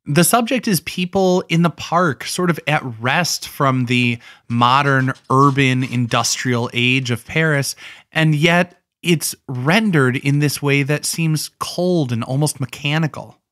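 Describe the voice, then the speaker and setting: A man's voice: mid-range voice, unhurried, fairly bright tone, dry recording, clean studio sound. A man hosting an art history talk, explaining a painting in a casual, conversational way with offhand asides.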